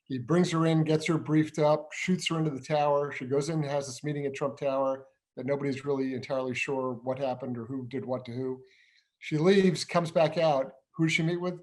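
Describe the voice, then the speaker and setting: A man's voice: on the high side, darkish tone. A middle-aged man co-hosting a political discussion show, explaining in a firm way and posing rhetorical questions. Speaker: co-host, investigations director.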